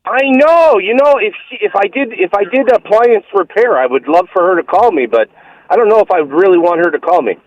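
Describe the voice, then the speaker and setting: A man calling a radio show to give shout-outs, chatty and rambling with many fillers. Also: sits high, lively intonation, brisk, dry recording. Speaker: caller. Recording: muffled phone line.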